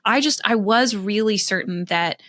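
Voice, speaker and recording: A woman's voice: mid-range voice, normal speed, a bit bright, no echo. A young adult woman being interviewed as a podcast guest, telling reflective stories and often laughing as she talks. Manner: reflective storytelling with frequent laughs. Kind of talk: conversational interview answers.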